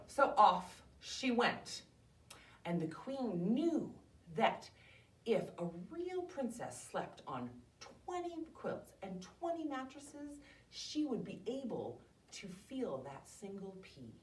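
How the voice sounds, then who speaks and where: Woman, children's storytime host, slow pace, roomy room, mic at a distance. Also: mid-range voice. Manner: animated, expressive storytelling. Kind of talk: reading a story aloud to children. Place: library room.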